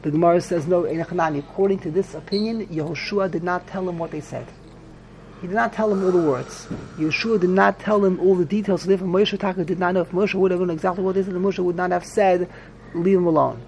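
A man's voice: sits high, quick pace, darkish tone, a little hiss or hum. A man teaching a Talmud class, repeating himself animatedly and mixing English with Hebrew and Yiddish terms.

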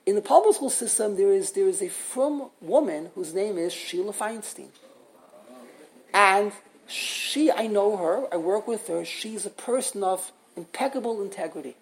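Woman doing a chill lady teacher, matter of fact, middle pitch. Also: moderate pace, close to an everyday voice. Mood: explaining. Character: calm trusting female public school teacher.

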